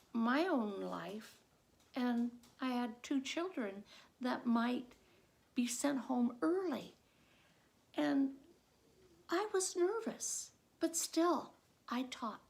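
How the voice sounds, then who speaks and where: A middle-aged woman, a former teacher, recounts a personal story in a slow, gravelly voice pitched a little high. She builds her telling vividly, letting it swell into loud, animated bursts. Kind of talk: told personal story at a contest.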